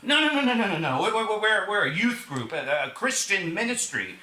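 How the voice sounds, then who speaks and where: A man playing a flustered uncle who leads a youth group, with a stammering, hurried manner, on a roomy theater stage. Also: high voice, big pitch swings, sharp tone, pitched above the performer's own voice, heavily acted.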